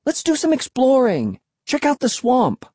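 A man's voice: very high-pitched, wildly swooping pitch, measured pace, darkish tone, husky, no room sound, voice pushed up, full character voice. A man voicing an eager young boy who pleads and teases in a storybook reading. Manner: pleading, enthusiastic.

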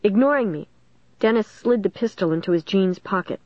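A woman's voice: medium pitch, normal speed, no echo. A woman narrating a storybook in a tense, dramatic reading. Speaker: audiobook reader. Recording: dull dry recording.

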